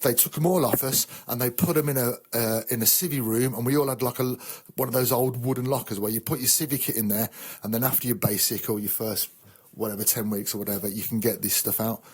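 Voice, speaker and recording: Man, English, husky voice, army veteran, rambling sweary anecdote, self-mocking. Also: medium pitch, fairly even intonation, fast talker, a little mellow. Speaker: army veteran telling a story.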